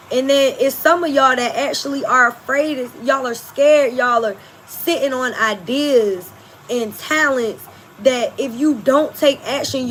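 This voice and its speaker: A woman's voice: a little high, fairly bright tone, a little hiss or hum, low-quality recording. A woman giving a collective tarot reading, speaking bluntly and emphatically to her viewers, swearing freely. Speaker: tarot reader.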